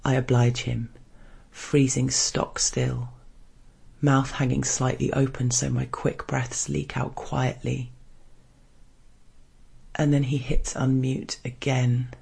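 Man reading a spicy story, hushed and measured, gravelly husky voice, pretty flat. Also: medium pitch. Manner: hushed, measured first-person narration. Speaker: narrator. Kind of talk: scripted erotic story reading.

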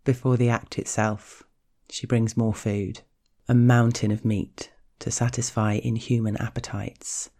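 A man narrating a scripted story in a slow, hushed, measured way. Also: medium pitch, level tone.

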